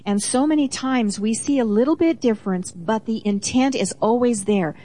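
A woman's voice: a little high, moderate pace, warm tone. A woman co-hosting a Christian teaching program, reading Bible verses aloud with emphasis and explaining them in a conversational way. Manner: reads scripture aloud with emphasis, affirming interjections.

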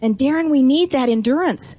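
A woman's voice: high-pitched, a little fast, dark tone, no echo. A middle-aged woman co-hosting a Bible teaching program, reading and explaining scripture with enthusiasm. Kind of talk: conversational preaching.

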